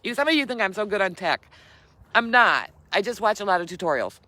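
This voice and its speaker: A woman's voice: mid-range voice, expressive, a little fast, sharp tone, dry recording. An older woman and grandmother hosting a casual motivational live stream, repeating her key lines for emphasis and laughing often. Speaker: keto vlogger and host.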